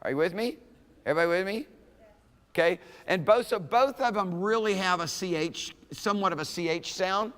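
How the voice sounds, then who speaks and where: A man's voice: high-pitched, a little fast, fairly bright tone, clean tone, big-room sound. A man teaching an introductory Hebrew class as a classroom lecture, talking casually and checking in with the students often. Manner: conversational, checks in with "okay?" often. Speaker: Hebrew instructor. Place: lecture room.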